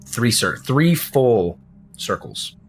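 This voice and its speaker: Brief: easygoing game master, mid pitch, rambling narration. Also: male voice, slow, faint music behind. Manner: relaxed, joking, rambling narration.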